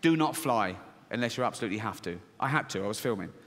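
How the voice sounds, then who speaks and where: A man's voice: on the low side, lively intonation, fast, a bit bright. A middle-aged man performing a stand-up comedy routine on a large theatre stage, telling a story and acting out his own inner voices. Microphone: stage microphone. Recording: live theatre with long reverb.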